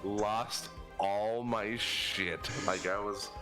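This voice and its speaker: A man co-hosting a podcast, telling a story in casual chat, animated and laughing often, with frequent swearing. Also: on the low side, very slow, music in the background. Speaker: co-host.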